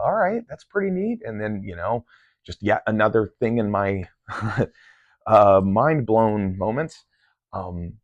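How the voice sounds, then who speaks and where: A man's voice: lowish voice, dry recording. A man casually recounting his meditation sessions in a rambling way, full of ums and restarts. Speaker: meditation vlogger. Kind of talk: casual first-person recounting. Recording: dull lo-fi sound.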